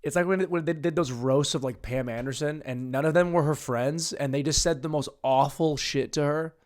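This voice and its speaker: A young man hosting a solo comedy podcast, rambling through crude, self-mocking jokes, dropping into mumbled asides and then jumping to loud bursts. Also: a little high, moderate pace. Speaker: podcast host.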